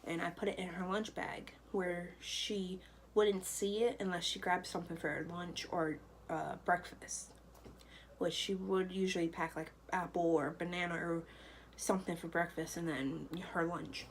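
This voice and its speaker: A woman's voice: lowish voice, fairly even intonation, normal speed, a little hiss or hum, rough recording. A young woman telling a personal story to camera in a loose, chatty way, full of fillers. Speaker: vlogger.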